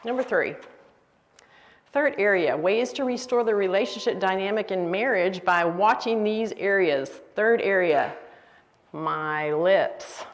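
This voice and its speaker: A woman's voice: mid-range voice, unhurried. Older woman teaching in a hall. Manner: lively, with acted-out example phrases. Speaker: women's Bible study teacher. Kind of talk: teaching talk. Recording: reverberant hall.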